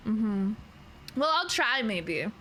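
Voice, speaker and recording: A woman's voice: medium pitch, very animated, slow pace, pushed and bright. A sleepy woman livestreamer in casual chat, rambling and giggling as she talks, with plenty of slang.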